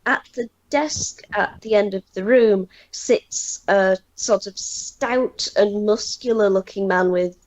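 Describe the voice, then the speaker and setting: A woman narrating a tabletop game as game master, halting and full of fillers. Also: mid-range voice, a little mellow. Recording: dull lo-fi sound.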